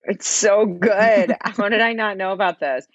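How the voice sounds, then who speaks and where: A woman co-hosting a podcast in casual chat, animated and emphatic, laughing often. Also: medium pitch, unhurried, dry recording. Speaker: podcast co-host. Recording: slightly dull dry mic.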